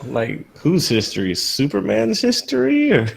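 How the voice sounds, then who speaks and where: A man co-hosting a casual podcast, cracking quick jokes and giggling. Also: on the high side, huge pitch swings, vocal fry, breathy edge. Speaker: podcast co-host.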